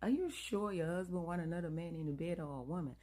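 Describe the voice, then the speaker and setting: A woman's voice: lowish voice, quick pace, mellow, natural voice. A woman doing a keen male coworker. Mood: eager. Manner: eager, then flustered. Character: eager male coworker, young adult.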